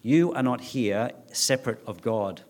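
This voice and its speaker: A man's voice: medium pitch, lively intonation, a little slow, a little mellow. A man delivers a sermon as a pastor, with an ordinary mid-range voice. He speaks earnestly, reads scripture aloud, and sometimes repeats words as he searches for the next phrase. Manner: earnest preaching with restarts, reading scripture aloud.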